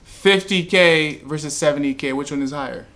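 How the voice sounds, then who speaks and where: A man's voice: on the high side, moderate pace, bright, forceful tone. Sex: man. Role: podcast host. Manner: chatty, questioning. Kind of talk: casual reaction talk.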